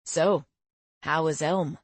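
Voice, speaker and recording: A woman voicing a jovial, confident teenage boy who talks in a relaxed, teasing way. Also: low-pitched, takes it slowly, dry recording.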